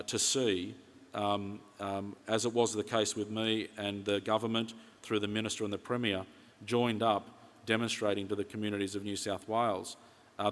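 A middle-aged Australian man giving a conference keynote speech, earnest and steady, telling his points in detail. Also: on the low side. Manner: earnest, retells conversations in detail. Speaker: keynote speaker. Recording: reverberant conference hall.

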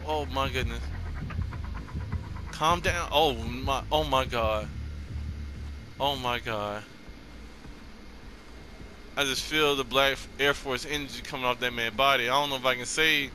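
A man hosting his gaming channel, giving casual gameplay commentary with loud, excitable, repeated exclamations. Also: medium pitch, a little slow, pauses often, a little hiss or hum. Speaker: gaming YouTuber host.

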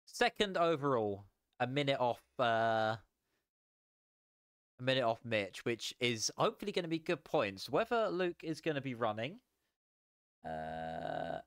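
Tired, unhurried man streaming. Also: medium pitch, clear, resonant tone, no room sound, studio quality. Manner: relaxed and rambling, chuckles often. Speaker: sim racing streamer. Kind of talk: casual live stream chat.

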